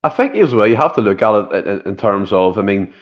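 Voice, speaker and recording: A Scottish man talks football in casual podcast chat, earnestly agreeing and adding to the argument. His voice sits on the low side. The sound is muffled and lo-fi. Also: lively intonation, brisk. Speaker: podcast co-host.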